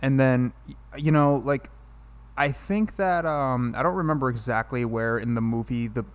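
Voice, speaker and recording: A man's voice: medium pitch, normal speed, clear, resonant tone. A man co-hosting a casual film discussion, rambling and filling his talk with "like" as he retells scenes. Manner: rambling, heavy use of "like", retells scenes with quoted dialogue. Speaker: film review podcast co-host. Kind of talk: casual chat.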